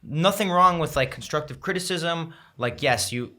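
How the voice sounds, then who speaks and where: A man's voice: on the high side, moderate pace, sharp tone. A man guest on a podcast, talking thoughtfully in casual conversation, rambling with restarts. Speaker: guest, content creator.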